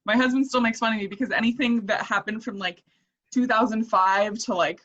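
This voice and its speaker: A woman's voice: on the high side, fairly even intonation, fairly quick, a bit bright. A woman guest on a podcast chatting casually, with many fillers and "like"s. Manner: chatty with fillers and laughs, lots of "like". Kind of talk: casual chat. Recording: dull lo-fi sound.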